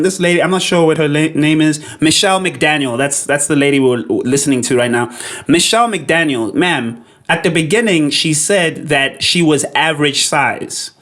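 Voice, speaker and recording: Man, slightly high, blunt and incredulous commentary host. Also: fairly bright tone. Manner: blunt, incredulous, repeats himself. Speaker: reaction video host. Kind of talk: casual commentary.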